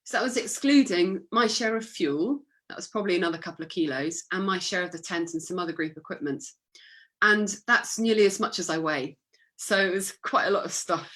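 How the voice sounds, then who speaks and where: A woman's voice: medium pitch, sharp tone. A woman giving an illustrated talk with slides, chatty and upbeat, with fillers. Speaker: guest speaker.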